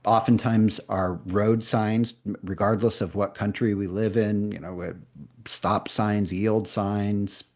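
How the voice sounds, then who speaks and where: Low-voiced man teaching an online workshop. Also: fairly even intonation, darkish tone. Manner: conversational, playful, reads slowly for dictation. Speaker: coaching trainer. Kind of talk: live online workshop instruction.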